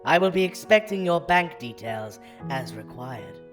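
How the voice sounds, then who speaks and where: A man's voice: mid-range voice, lively intonation, a little slow, close to an everyday voice. A man voicing a female scammer posing as a bank agent, reading her emails in stiff, formulaic phrasing over faint music. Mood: stiffly formal. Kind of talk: reading scam emails aloud.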